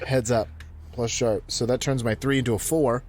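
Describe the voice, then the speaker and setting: A man's voice: mid-range voice, darkish tone. Guy player at a tabletop game, swears a lot, mid voice, bit of noise. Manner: loose, swearing, hesitant. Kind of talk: casual tabletop play.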